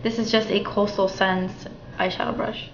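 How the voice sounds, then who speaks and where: A woman's voice: medium pitch, moderate pace, a little hiss or hum. Young woman, beauty vlogger, chatty makeup tutorial, dull roomy home recording. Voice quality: chatty, relaxed, thinking aloud.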